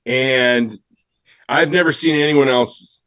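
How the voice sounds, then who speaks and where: A man telling a story on a panel, animated and giggly, acting out what others said. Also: mid-range voice, slow, dry recording.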